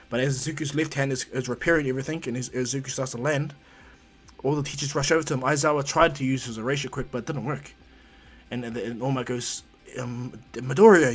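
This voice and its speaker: A man improvising a fan fiction story in a rambling, conversational way. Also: mid-range voice.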